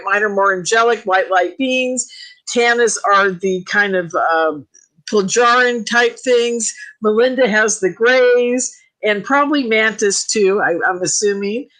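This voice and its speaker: Excitable woman telling animated stories. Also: a little high, rough recording. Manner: animated storytelling, emphatic and excitable. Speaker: UFO contactee guest. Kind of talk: casual talk radio chat.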